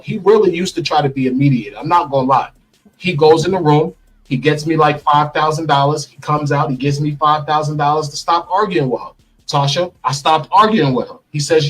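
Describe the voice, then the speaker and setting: A middle-aged man telling a personal story in an interview, animated and acting out the lines he quotes, played from a clip. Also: a little high, fairly quick, slightly rough, low-quality recording. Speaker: interview guest.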